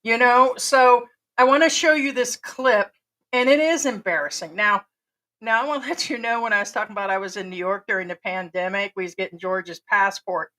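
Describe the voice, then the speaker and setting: Woman, American accent, casual vlog, blunt, profane, rambling, bright voice. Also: medium pitch, fairly quick, poor audio. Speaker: expat vlogger.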